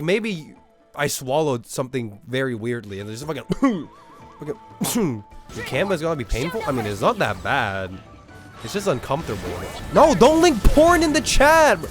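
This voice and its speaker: A man streaming live, chatting casually and reacting to viewer messages with frequent swearing. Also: medium pitch. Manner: animated, profane, reacting to chat.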